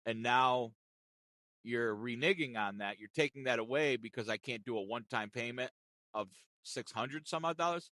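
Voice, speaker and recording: A man's voice: mid-range voice, normal speed, sharp tone, no echo. A man telling a storytime rant in a heated, profane way, reliving a customer-service call. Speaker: content creator. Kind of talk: ranting storytime.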